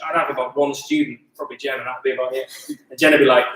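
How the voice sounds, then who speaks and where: A man's voice: mid-range voice, brisk, fairly bright tone. A man teaching an online Muay Thai class, coaching energetically and mixing in sound effects. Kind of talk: online fitness class instruction. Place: gym. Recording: echoey room, voice from a distance.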